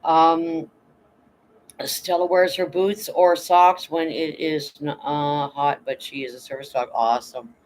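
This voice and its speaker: A man's voice: on the high side, little pitch movement, measured pace, poor audio. A tired man chatting casually on a livestream, rambling and blunt, swearing now and then while reading out chat. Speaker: vlogger reading live chat.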